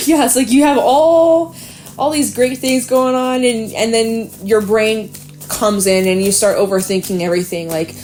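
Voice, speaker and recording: A woman with a mid-range voice talks through a tarot reading in a loose, chatty way, encouraging and now and then swearing. Faint music plays softly behind her. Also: mid-range voice, steady tone, normal speed. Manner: chatty and encouraging, acts out worried inner voices, swears casually. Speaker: tarot reader.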